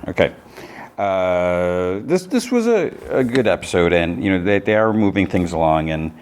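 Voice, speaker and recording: A man's voice: deep voice, big pitch swings, normal speed, a little hiss or hum. A man co-hosting a podcast, giving a loose, meandering recap of a TV episode. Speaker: podcast co-host.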